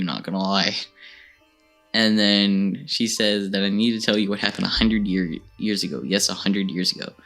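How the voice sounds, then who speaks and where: Gaming host recapping a playthrough, lowish male voice, loose rambling delivery full of laughs. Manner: rambling, animated storytelling with frequent laughs. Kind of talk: casual gameplay recap.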